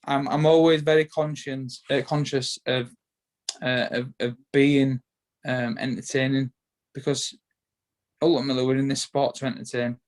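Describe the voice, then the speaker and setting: A man's voice: medium pitch, little pitch movement, moderate pace. Rambling Yorkshire man talking about self-belief. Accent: Yorkshire English. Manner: rambling, repeats words and restarts often. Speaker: guest, bare-knuckle boxer. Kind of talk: casual interview.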